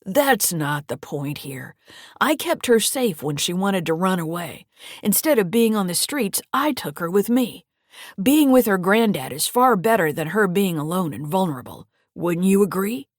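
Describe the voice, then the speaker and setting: A woman voicing a smooth-talking, menacing old grandfather who speaks low and slow. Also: expressive, no room sound, studio quality. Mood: coaxing.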